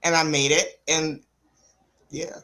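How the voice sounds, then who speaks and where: A woman with a New York accent, co-hosting a casual wrestling chat and telling animated stories full of acted-out quotes. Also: low voice, slow, low-quality recording. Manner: animated storyteller, acts out quotes, laughs often. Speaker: wrestling podcast co-host.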